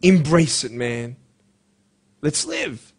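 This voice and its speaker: A man giving a passionate motivational speech to a school audience, swinging between loud urging and hushed earnest talk. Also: medium pitch, huge pitch swings, drawn-out words, vocal fry, husky. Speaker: motivational speaker.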